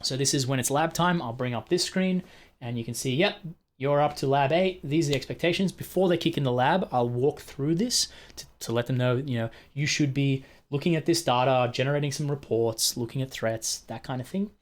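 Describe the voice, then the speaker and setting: A man's voice: mid-range voice, brisk. Man, mid-range voice, casual training walkthrough, conversational, computer mic. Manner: casual, chatty, peppered with "right?". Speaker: technical instructor training other instructors. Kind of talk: screen-share teaching walkthrough.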